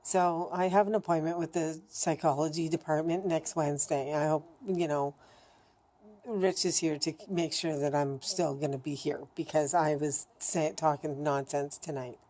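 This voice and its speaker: A woman's voice: deep voice, fairly even intonation, normal speed, warm tone, slight background noise. A woman recording a candid personal video diary, talking bluntly, swearing heavily and rambling with many restarts. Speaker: vlogger.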